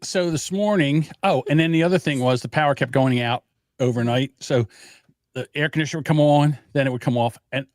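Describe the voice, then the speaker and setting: A man's voice: a little high, a little fast, dry recording, studio quality. Chatty middle-aged man telling a rambling story. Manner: rambling storyteller who acts out other voices. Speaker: podcast host. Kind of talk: casual chat. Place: home studio.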